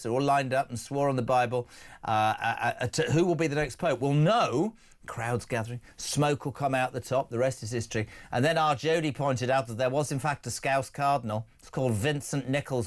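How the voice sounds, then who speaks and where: Brisk, jokey middle-aged radio host. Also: male voice, on the high side. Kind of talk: live talk radio, reading texts and taking calls.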